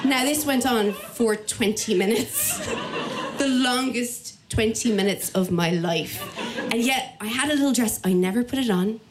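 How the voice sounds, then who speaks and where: Irish woman storyteller, lively, acts out the people she quotes, higher voice. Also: measured pace, noisy background. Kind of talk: personal story told to an audience.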